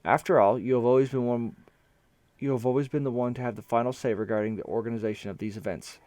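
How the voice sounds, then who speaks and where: A man voicing a calm, courteous male official in a storybook reading. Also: medium pitch, fast, no room sound, natural voice. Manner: smooth, courteous.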